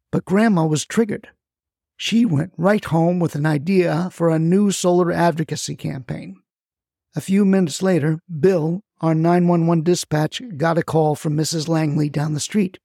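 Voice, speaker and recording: A man's voice: on the high side, creaky, warm tone, dry recording, studio quality. A man narrating a scripted story in a wry, folksy way, with asides to the listener. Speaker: storyteller, the grandson.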